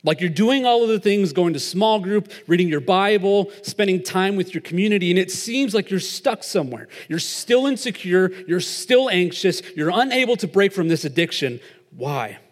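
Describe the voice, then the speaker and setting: A young man preaches in a relaxed, chatty way, full of filler words as he tells a story. His voice sits a little on the high side. It rings out with the long echo of a big hall. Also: moderate pace. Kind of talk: casual sermon with storytelling. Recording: long reverb of a large hall.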